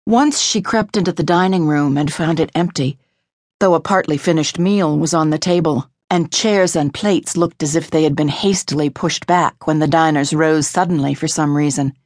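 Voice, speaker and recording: Woman audiobook narrator, low voice, measured and expressive, dry close studio sound. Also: no room sound.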